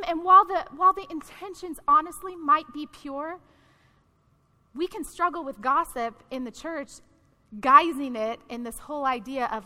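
A woman's voice: sits high, moderate pace, sharp tone. A woman pastor preaching a sermon to her congregation in a direct, conversational way. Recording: long hall reverb.

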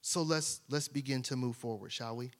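A male pastor preaching a sermon, asking the congregation rhetorical questions and dropping to a hush for emphasis. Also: medium pitch, moderate pace.

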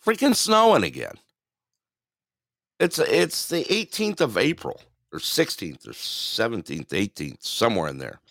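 Man, talk show host, rambling, laughing, unhurried, lively pitch, dry studio sound, faint music behind. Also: dry recording. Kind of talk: casual online radio talk.

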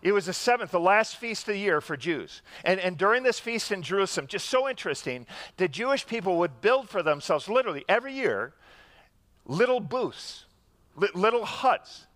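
A man's voice: high-pitched, moderate pace, no echo. A man preaching a teaching sermon, explaining and inviting the congregation to repeat words with him. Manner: animated, leads the congregation in call-and-response. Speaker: pastor.

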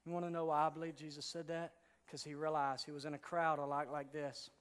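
A man preaching to teenagers, firing rhetorical questions at them and swinging from hushed intensity to shouted urgency. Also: a little high, level tone, fast, clean tone, in a large hall. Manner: rhetorical questions, direct address to teens. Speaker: youth pastor. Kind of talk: sermon.

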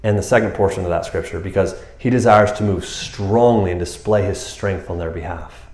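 A man giving a casual, animated sermon, talking to the listeners like friends. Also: low voice, normal speed. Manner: animated, casual, keeps saying "man" and "you know". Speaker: preacher. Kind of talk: conversational sermon. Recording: roomy echo.

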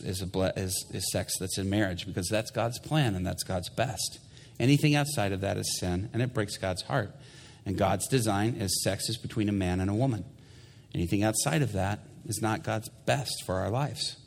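A male pastor delivers a sermon, his voice sitting a little low. He tells a story with animation and acts out each person in it. A long reverb trails his words through the church. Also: creaky, slight background noise. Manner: animated storyteller, acting out quoted people.

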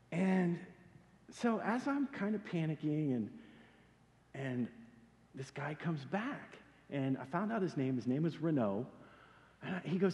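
A middle-aged man preaching and telling a story, animated and self-deprecating as he acts out his own panic. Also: sits high, moderate pace. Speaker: pastor. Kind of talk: sermon storytelling. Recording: hall with long reverb.

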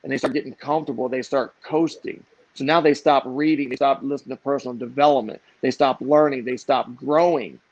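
A man's voice: mid-range voice, steady tone, a little fast, no room sound. A middle-aged man, a motivational speaker and author, telling stories in an emphatic, repetitive, preachy way. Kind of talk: motivational storytelling interview. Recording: dull muffled dry audio.

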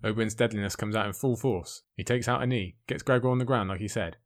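Excitable man reviewing a book. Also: on the low side, fast talker. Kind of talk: enthusiastic book commentary with read passages.

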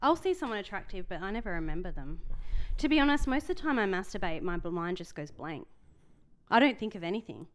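A young woman chats casually as a podcast co-host. Her voice is smooth and clear at a middling pitch for a woman. She rambles through her stories, often breaking off mid-sentence and starting again. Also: sing-song, fast. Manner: rambling, self-interrupting storyteller. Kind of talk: casual chat.

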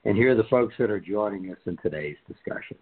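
A man hosting a scripture discussion podcast, reading scripture aloud in a measured, deliberate way and leading the talk. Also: lowish voice, expressive, husky. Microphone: video call. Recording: tinny phone-like line.

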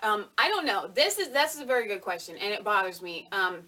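A twenty-eight-year-old woman answering questions in a comedy sketch, with a dry, deadpan delivery. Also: medium pitch, fast, slight background noise. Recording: distant mic with faint clicks, old web video.

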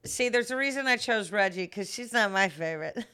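A woman's voice: mid-range voice, lively intonation, fairly quick, sharp tone, clear, resonant tone. A young adult woman co-hosting a podcast, chatting casually in a playful, bantering way and laughing often. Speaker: co-host. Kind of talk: casual chat.

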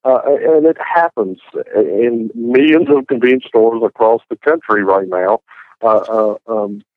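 A man's voice: medium pitch, measured pace, dry recording. A man on a casual panel, talking hesitantly with many stammered restarts. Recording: tinny phone-like sound.

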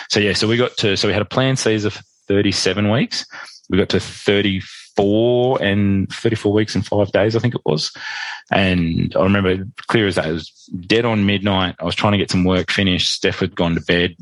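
Deep husky Australian man telling a story. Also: no echo, rough recording. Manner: animated, quick, acts out quoted dialogue. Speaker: podcast guest. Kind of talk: conversational storytelling.

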